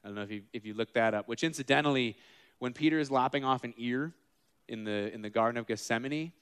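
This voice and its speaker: A man in his thirties or forties preaching a casual, animated sermon, acting out the figures in his stories with asides to the room. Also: mid-range voice, quick pace, clean tone. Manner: animated, acts out quoted figures, self-deprecating asides.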